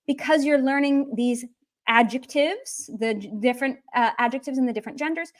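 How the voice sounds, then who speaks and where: A woman's voice: a little high, animated, moderate pace. An English-speaking woman teaching Russian in a casual livestream lesson. She keeps it humorous and lighthearted and moves between English and Russian.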